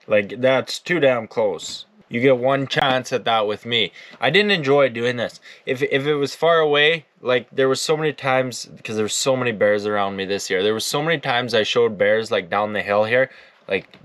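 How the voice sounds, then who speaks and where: A man's voice: medium pitch, moderate pace, fairly bright tone, no room sound. A man giving casual, rambling commentary as he reacts to his old videos, laid-back and swearing often. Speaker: outdoors YouTuber.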